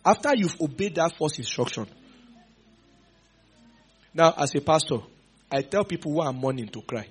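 Animated male preacher. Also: on the high side, normal speed, long pauses, breathy edge, faint music behind. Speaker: pastor. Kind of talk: sermon.

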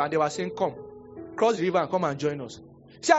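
A young Nigerian man preaching a sermon as pastor, telling a story with acted-out voices and sudden high exclamations. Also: lively intonation, fairly quick, dull audio, soft background music. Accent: Nigerian, Yoruba-speaking. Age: young adult.

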